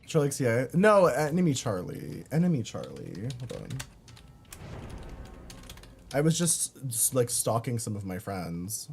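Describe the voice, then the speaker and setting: Brief: male streamer from Baltimore, light Baltimore accent, swears freely, talks to chat in an animated up-and-down voice. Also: medium pitch, measured pace, creaky, pauses often, slight background noise. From Baltimore, USA. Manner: profane, chatty, reads chat aloud. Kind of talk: casual gaming stream chat.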